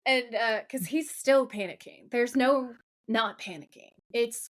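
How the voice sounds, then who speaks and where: A woman co-hosting a podcast, gushing and excitable as she recaps a TV episode, swearing and laughing often. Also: on the high side, a little slow. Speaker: podcast co-host. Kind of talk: casual episode recap chat.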